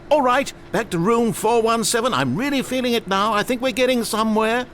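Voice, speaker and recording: A man's voice: mid-range voice, huge pitch swings, normal speed, a little hiss or hum. An actor playing a wry, theatrical male narrator in a video game, speaking in an articulate way. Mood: giddy cheering.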